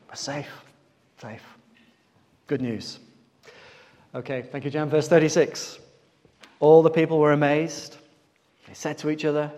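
A man's voice: on the high side, fairly even intonation, a little slow, pauses often, dark tone. A man preaching an interactive Bible talk in a church, quizzing his listeners to fill in missing words. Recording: long reverb of a church hall.

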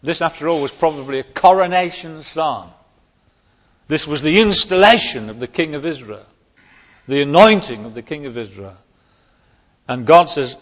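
Male preacher, slow and emphatic, slightly high voice, dull recording in a long-echo hall. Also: lively intonation, fairly bright tone. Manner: emphatic, rising sharply on key words. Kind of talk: sermon.

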